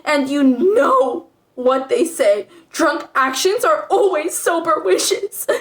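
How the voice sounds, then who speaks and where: A man's voice: very high voice, measured pace. A woman voicing a heartbroken young man who angrily accuses his cheating partner while sobbing. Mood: furious, tearful.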